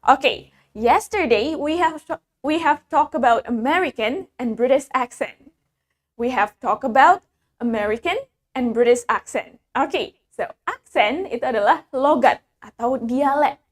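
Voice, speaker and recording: High-voiced woman teaching English. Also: expressive, unhurried. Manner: switches between English and Indonesian, drills words for repetition. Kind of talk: bilingual English lesson.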